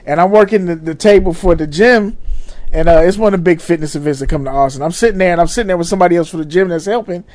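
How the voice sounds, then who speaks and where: A man in his thirties, talking in easy, casual chat on a podcast. His voice sits high for a man, and he curses freely. He jokes about himself and about getting old. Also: rapid-fire, a little mellow, dry recording. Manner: laid-back, profane, self-mocking about getting old. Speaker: podcast co-host.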